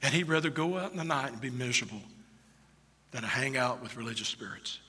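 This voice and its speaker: Man, pastor, impassioned sermon, very bright tense tone, reverberant sanctuary. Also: mid-range voice, lively intonation, quick pace, husky. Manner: impassioned preaching, rhetorical questions. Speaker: lead pastor. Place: church sanctuary. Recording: long reverb of a church hall.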